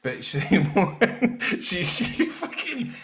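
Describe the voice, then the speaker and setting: A man's voice: high-pitched, big pitch swings, extremely slow, a crowd in the background. A man with a Glaswegian accent telling rude, funny stories on a podcast, laughing and swearing. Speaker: podcast co-host. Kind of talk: casual chat.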